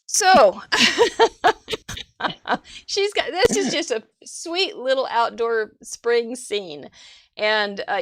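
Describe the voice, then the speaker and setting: A woman's voice: fairly high pitch, fairly bright tone, no room sound, studio quality. A woman hosting a live crafting show over a video call, gushing over viewers' cards with frequent laughs. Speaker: host. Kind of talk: casual livestream chat.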